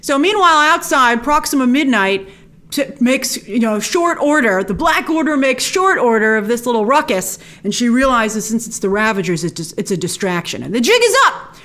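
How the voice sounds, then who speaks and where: Excited chatty woman show host. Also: on the high side, moderate pace. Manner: excited, chatty, quotes characters with little voices. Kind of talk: casual episode breakdown and review.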